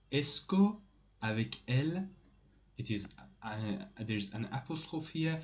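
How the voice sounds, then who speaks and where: A man teaching French in a casual spoken lesson, pausing often with fillers and restarts and repeating example sentences aloud. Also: mid-range voice.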